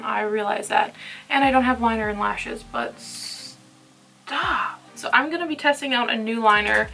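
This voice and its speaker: A young woman chatting casually through a makeup tutorial, playful and sometimes dropping to soft murmurs. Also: fairly high pitch. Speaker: beauty vlogger.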